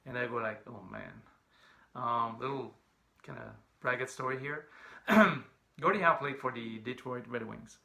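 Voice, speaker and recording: Gravelly man with a Quebec French accent. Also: mid-range voice, moderate pace. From Montreal, Canada. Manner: animated, acts out the voices of people in his story. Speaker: storyteller. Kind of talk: casual personal anecdote.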